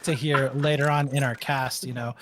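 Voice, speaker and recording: A man's voice: medium pitch, steady tone, moderate pace. Male esports co-caster, casual color commentary, heavy game noise. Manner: casual, laid-back, chatty. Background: game gunfire and clicks.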